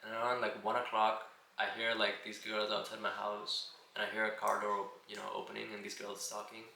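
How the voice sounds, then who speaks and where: A man recounts a personal memory in a slow, reflective manner, looping back over his points. His low voice has a gravelly rasp, a flat delivery and a bright, sharp tone. The recording sounds roomy, with a faint hiss behind it. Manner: reflective, unhurried, circles back with "and again". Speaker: video diarist. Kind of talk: personal storytelling monologue.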